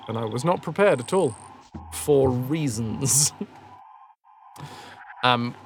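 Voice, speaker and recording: A man's voice: medium pitch, slight background noise. A man giving casual, joking gameplay commentary as a streamer, swearing freely.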